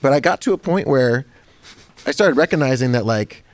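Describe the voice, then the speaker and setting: A man's voice: mid-range voice, normal speed, no echo. A middle-aged man, a worship leader, chatting casually and animatedly with lots of "dude" and "like.". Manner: relaxed, animated, says "dude" and "like" a lot. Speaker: worship leader and music teacher. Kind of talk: casual conversational chat.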